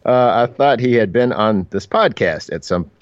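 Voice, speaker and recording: A man co-hosting a podcast in casual chat, halting and laughing at himself as he reads out listener emails. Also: mid-range voice, lively intonation, dry recording, muffled recording. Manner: halting, laughing, self-deprecating. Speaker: podcast co-host.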